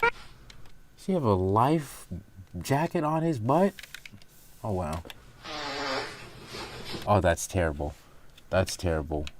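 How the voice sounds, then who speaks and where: A man's voice: on the low side, lively intonation, slow pace, long pauses, a little hiss or hum. A man hosting a reaction video, talking casually and rambling through his thoughts with frequent self-corrections.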